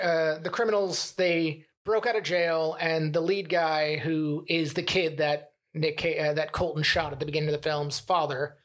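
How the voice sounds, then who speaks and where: A podcast co-host critiques a film in casual, rambling chat packed with "like." His voice is fairly high and a bit bright.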